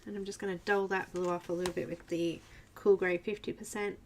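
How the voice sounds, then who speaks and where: An Australian woman hosting a live coloring stream, chatting softly as she works and reading viewers' comments aloud. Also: on the low side, level tone, a little fast, slight background noise. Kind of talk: casual live-stream chat while coloring.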